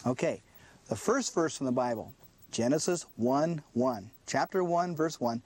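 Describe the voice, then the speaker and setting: A man preaches a sermon in a mid-range, slightly mellow voice, speaking a little slowly with lively intonation; the recording is dry. He's emphatic, repeating "listen" to drive points home and posing rhetorical questions that he then answers himself.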